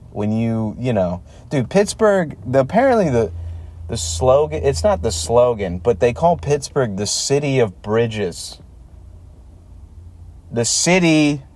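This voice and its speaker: Ranting man in his thirties, dark-toned. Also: medium pitch. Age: 30s. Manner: ranting, sarcastic, swears freely. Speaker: comedian podcast host. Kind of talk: solo stand-up style rant. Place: laundromat.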